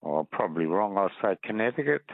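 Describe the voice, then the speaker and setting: Easygoing Australian caller on a tinny phone line. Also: male voice, fairly low pitch, lively intonation, fairly quick, dry recording. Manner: easygoing, self-doubting. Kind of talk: phone-in conversation.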